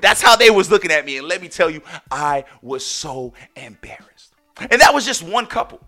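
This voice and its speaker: A man hosting a podcast, telling stories in a casual monologue with loud, excited exclamations, and addressing listeners as "ladies and gentlemen". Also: sits high, fairly quick. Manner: animated storyteller, bursts into loud excited exclamations. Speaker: podcast host.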